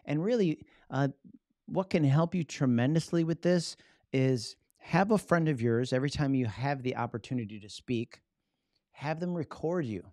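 A man giving a casual live-streamed talk on public speaking, lively and acting out his examples. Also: mid-range voice, dry recording, studio quality. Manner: animated, acts out examples with his body; casual, loose phrasing with "right?" tags.

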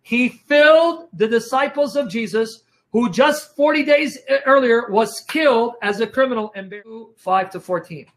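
A man's voice: very high voice, moderate pace, hardly any pauses, fairly bright tone. A man teaching the Bible in a sermon style, emphatic and repetitive, often telling listeners to watch and asking if they follow, his throat strained by coughing.

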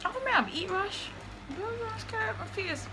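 A woman's voice: very high-pitched, lively intonation, fairly quick. A woman with a Jamaican accent mixed with British, chatting playfully and giving cooking instructions at home. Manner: playful, laughing, bossy with instructions. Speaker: vlogger host. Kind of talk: casual cooking vlog chat. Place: home kitchen.

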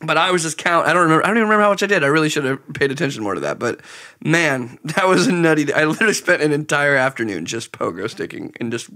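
A man's voice: fairly high pitch, expressive, very fast, sharp tone. A young man chatting casually on a podcast, joking and laughing often in loose banter. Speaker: podcast guest, band member.

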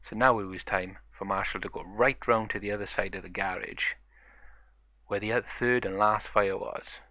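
A man's voice: lowish voice, steady tone, moderate pace, bright, forceful tone, no room sound, muffled recording. A man narrating a toy play story in a chatty, run-on way.

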